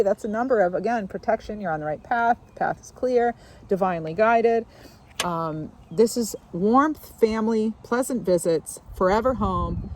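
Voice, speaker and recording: A woman giving a casual tarot reading, musing aloud in a relaxed way and often pausing on fillers as she takes in impressions. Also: mid-range voice, slight background noise. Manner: musing, intuitive, many fillers and asides. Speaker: tarot reader. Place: outdoors.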